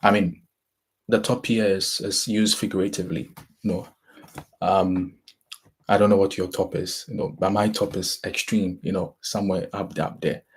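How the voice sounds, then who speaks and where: A young man with a Ghanaian accent hosting a casual motivational talk, halting and rambling, often restarting his sentences. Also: deep voice, fairly even intonation, breathy edge. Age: young adult.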